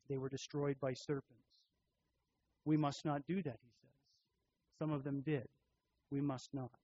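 A man preaching a sermon as pastor, teaching through a scripture passage in a measured way and repeating key phrases for emphasis. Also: fairly high pitch, darkish tone, no room sound, highs cut off.

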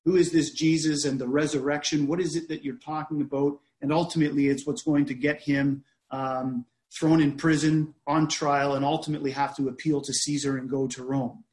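A man preaching a sermon in a measured, deliberate way, often restarting his phrases. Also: on the high side, flat delivery, darkish tone, echoey room.

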